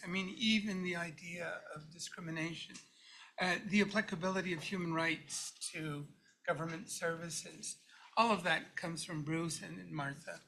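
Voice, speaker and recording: A man in his fifties or older gives a personal tribute in a university hall. His voice is bright and sits a little high for a man. He speaks warmly but haltingly, repeating words as he restarts. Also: a little hiss or hum.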